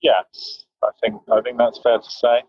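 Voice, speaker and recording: British male physician, 50s, measured and dry, level low voice, muffled dry recording. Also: flat delivery, slightly rough, no room sound. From England. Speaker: guest physician. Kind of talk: interview answers.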